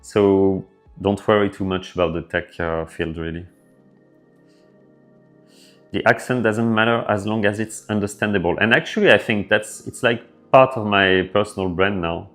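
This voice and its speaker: A man with a French accent, hosting a casual developer livestream and answering viewer questions in a relaxed way with lots of fillers. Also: fairly low pitch, moderate pace. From France. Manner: relaxed, filler-heavy, thinking aloud. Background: faint background music.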